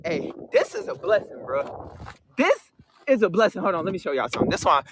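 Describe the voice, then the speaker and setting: A young man filming a vlog about buying his new truck, hyped and slangy, shouting with joy, at a dealership and inside the truck on a phone camera. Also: high-pitched, wildly swooping pitch, fairly quick, noisy background. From Michigan. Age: young adult. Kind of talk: excited vlog clip. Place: truck dealership lot, outdoors and in a truck.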